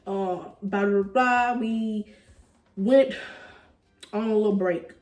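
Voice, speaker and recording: A young woman in her twenties casually telling a story, animated and slangy, laughing as she goes. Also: medium pitch, measured pace, reverberant, distant mic, soft background music. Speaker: vlogger telling a couple's story.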